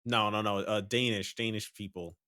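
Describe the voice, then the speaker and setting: A man co-hosting a podcast in relaxed casual chat, swearing and trailing off. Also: fairly low pitch, moderate pace, dry recording, clean studio sound. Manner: laid-back, profane, trails off. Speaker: podcast co-host.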